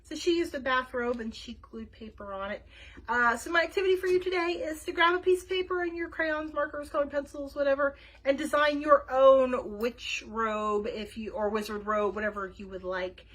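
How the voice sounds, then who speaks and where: Woman, children's storytime reader, high lively voice, a bit husky. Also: normal speed, rough recording. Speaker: children's librarian. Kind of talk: reading a children's book aloud.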